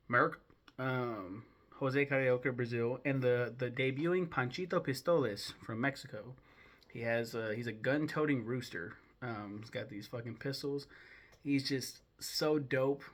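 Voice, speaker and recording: A young man with a bright, forceful, mid-pitched voice gives casual commentary as the host of a film-ranking video. He rambles loosely, swears freely, and fills his sentences with ums and restarts. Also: moderate pace. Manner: loose, profane, rambling with many fillers and restarts.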